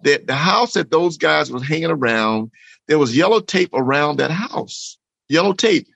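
A man's voice: on the high side, expressive, normal speed, creaky, a bit bright, no echo, muffled recording. A man giving an earnest, emphatic personal testimony in an interview, repeating phrases and often saying "man". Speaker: interview guest. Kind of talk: emotional personal testimony in conversation.

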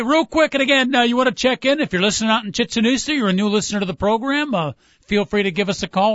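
Male sports radio host, high voice, folksy and musing, dull dry studio sound. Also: fairly bright tone, no echo. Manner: folksy, drawn-out musing, plugs the call-in line. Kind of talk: casual sports radio banter.

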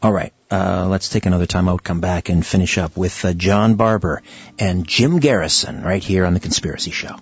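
A man's voice: low voice, a little fast, gravelly, dull audio. A man hosting a talk show, giving plain announcements with frequent fillers. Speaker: radio talk show host.

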